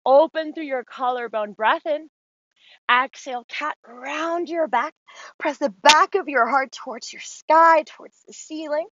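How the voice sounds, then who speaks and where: A woman yoga instructor calmly guiding a class through poses and breathing cues. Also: high voice, dull audio, very noisy. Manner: calm, steady spoken cues with long breath pauses.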